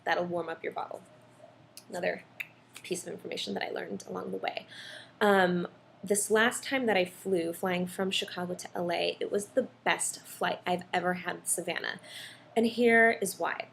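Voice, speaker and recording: A woman's voice: on the low side, steady tone, moderate pace, creaky, a bit bright, a little hiss or hum. A young woman, a mother, chatting casually about her experiences, telling stories with lots of ums and likes. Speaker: vlogger, mom. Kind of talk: casual chat.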